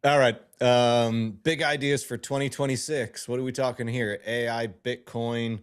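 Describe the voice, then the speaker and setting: A man's voice: medium pitch, flat delivery, a little slow, smooth. A man co-hosting a casual podcast, laid-back and joking. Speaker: podcast co-host.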